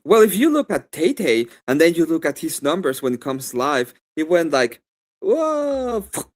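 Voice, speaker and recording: A man with a Spanish accent, debating on a live stream in a rambling, animated way with many fillers and restarts. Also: a little high, normal speed.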